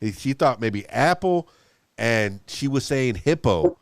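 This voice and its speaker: A man's voice: mid-range voice, expressive, slow pace, no echo, clean studio sound. A man hosting a podcast, asking chatty, rambling questions in a casual interview. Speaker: podcast host.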